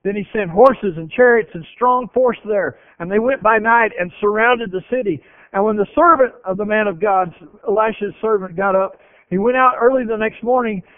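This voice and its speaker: A man preaching a sermon and retelling scripture with animated voices. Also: high-pitched, normal speed, dry recording. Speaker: pastor. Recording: tinny phone-like radio broadcast.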